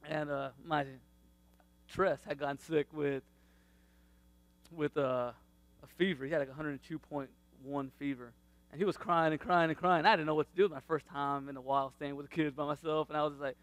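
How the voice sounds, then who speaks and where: Animated high-voiced man telling a testimony. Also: a little fast, no echo. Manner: animated, laughs often, acts out quotes. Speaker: father sharing faith testimony. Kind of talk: casual testimony.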